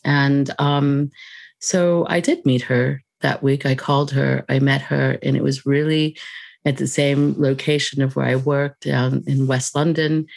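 A woman guest on a podcast, telling a personal story in a reflective, unhurried way, laughing lightly between thoughts. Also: rumbling low, gravelly, no echo. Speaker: podcast guest, mindfulness teacher.

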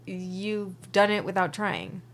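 A woman co-hosting a casual podcast, relaxed and quick to agree. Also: mid-range voice, creaky. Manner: relaxed, chiming in with short agreements. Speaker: podcast co-host.

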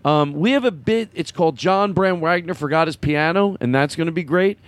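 A man's voice: on the high side, fairly quick, few pauses, no echo. A man from Philadelphia hosting a podcast, rambling in casual comic banter with lots of restarts and laughs. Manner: rambling, stop-start, laughing often. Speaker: podcast host.

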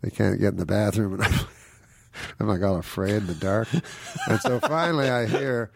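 Gravelly low-voiced man telling stories. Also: normal speed, no room sound, studio quality. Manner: rambling, chuckles often, acts out the people he quotes. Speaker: comedian guest. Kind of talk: anecdotal storytelling.

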